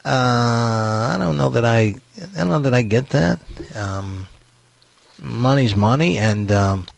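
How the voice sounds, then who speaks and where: A man's voice: mid-range voice, expressive, takes it slowly, creaky, dry recording. A man hosting a radio show, chatting casually and telling a folksy joke with easy laughs.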